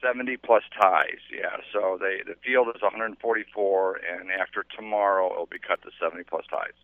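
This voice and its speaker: A tournament organizer, a man with a low voice, gushes about the event in a live radio interview. He rambles with many "uh"s, and he comes through a thin, phone-like line with completely dry sound. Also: steady tone, moderate pace, no room sound. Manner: enthusiastic, rambling, with many fillers. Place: outdoors at a golf tournament. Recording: tinny phone-line audio.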